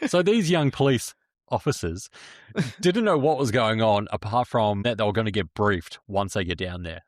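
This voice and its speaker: A man's voice: on the low side, lively intonation, moderate pace, dry recording, studio quality. A man co-hosting a true crime podcast, telling the story casually, swearing and joking. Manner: swearing, joking, laughs often. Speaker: podcast co-host.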